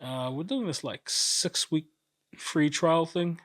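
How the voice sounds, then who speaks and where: A New Zealand man trading teasing banter on a casual podcast. His voice sits a little higher than most men's. The sound is close and dry. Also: expressive, slow pace, fairly bright tone, dry recording. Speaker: podcast co-host. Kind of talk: casual chat.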